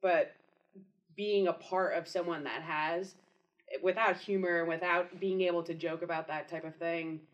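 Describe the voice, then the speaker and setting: A podcast host asks long, winding questions, hesitating often with "um" and "you know". The voice sits at a middling pitch, neither clearly high nor low. The delivery is a casual interview style. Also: fairly even intonation, a little slow, lo-fi sound.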